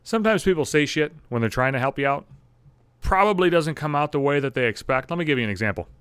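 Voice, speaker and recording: A man's voice: on the high side, expressive, fast, a bit bright, smooth, no room sound. A man in his thirties from the Buffalo area hosting a podcast, ranting in a profane, exasperated and sarcastic casual monologue. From Buffalo area, USA. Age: 30s. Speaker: podcast host.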